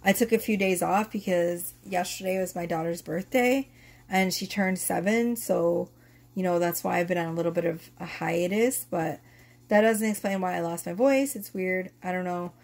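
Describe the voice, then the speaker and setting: A woman's voice: fairly low pitch, moderate pace, darkish tone. A woman in her thirties who is losing her voice, chatting casually and swearing as she reads tarot cards to camera. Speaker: tarot reader.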